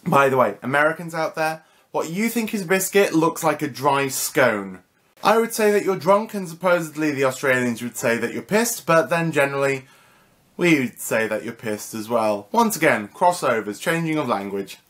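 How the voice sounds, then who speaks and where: A man's voice: fairly high pitch, animated, normal speed, fairly bright tone. A young man with a British accent hosts a comedic vlog lesson. His voice swoops up and down, and he sounds cheeky and mock-indignant. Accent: British English. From United Kingdom. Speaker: vlogger.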